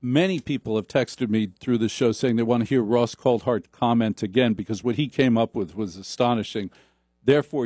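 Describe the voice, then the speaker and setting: A man's voice: medium pitch, warm tone, no echo, studio quality. A man hosting a talk radio show, riffing sarcastically in a rambling comic monologue. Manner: sarcastic, mocks voices.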